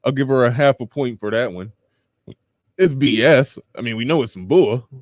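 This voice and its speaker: A man's voice: medium pitch, normal speed, dry recording, studio quality. A man hosting a live show, commenting in a chatty, wry way and reading pages aloud. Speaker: podcast host.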